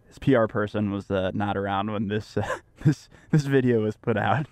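A man's voice: lowish voice, moderate pace, a little mellow, no room sound. Male radio co-host, casual joking banter, dry close studio mic.

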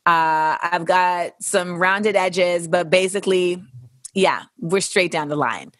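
A young adult woman hosts a show, fielding listener questions in a frank, casual, profane way and acting out the voices she quotes. Her voice sits lowish and moves slowly, recorded at studio quality with no room sound. It's casual, candid commentary.

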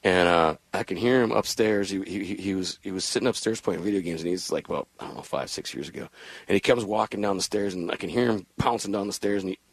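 A middle-aged man with a very deep voice talks football business on a radio show. He rambles and restarts his sentences often. His voice is recorded close and dry, with no room sound. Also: quick pace, dry recording. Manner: rambling, with many restarts, and laughs while telling family stories. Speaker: football team general manager. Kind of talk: casual radio interview chat.

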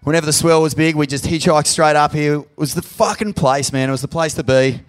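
A man with an Australian accent hosting a live podcast on stage in a pub, sweary and emotional, loud when he hypes up the crowd. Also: a little high, fairly quick. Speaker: podcast host. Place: pub venue with live audience.

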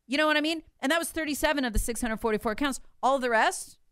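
A woman's voice: high voice, quick pace, fairly bright tone, no echo. Brief: woman commentator, emphatic and insistent, dry close recording. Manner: emphatic, repeats points, acts out others' voices. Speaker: political commentator guest. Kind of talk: animated political talk.

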